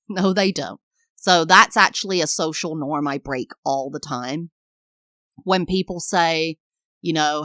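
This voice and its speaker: Low-voiced English woman, candid podcast talk. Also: moderate pace, no room sound, studio quality. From England. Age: 30s. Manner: candid, reflective, acts out lively sing-song quotes. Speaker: podcast host. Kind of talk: personal solo podcast talk.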